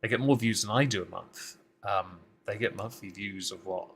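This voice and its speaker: A man's voice: lowish voice, normal speed, a bit bright, a little hiss or hum. A man hosting a casual live-stream commentary, talking with dry, sarcastic asides and frequent ums as he greets chat and reads through posts.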